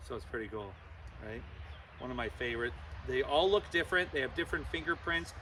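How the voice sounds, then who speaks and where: A man's voice: medium pitch, animated, fairly quick, pushed and bright, a little hiss or hum. A man presenting a live animal show to kids, playful and teasing.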